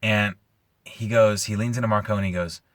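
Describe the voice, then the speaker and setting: A man's voice: fairly low pitch, fairly even intonation, fairly quick, dry recording, studio quality. A man hosting his own show, retelling a story casually and with animation, using lots of "like" fillers. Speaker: host.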